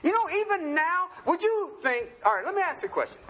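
Man, very high pitch, preacher, folksy, joking, questions the congregation. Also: very animated, a little fast, sharp tone. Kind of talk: sermon.

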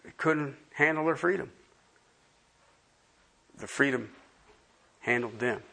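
Speaking slowly in a gravelly voice, this pastor drives his sermon home with repeated phrases. His delivery is emphatic, moving from quiet asides to loud, high-pitched emphasis.

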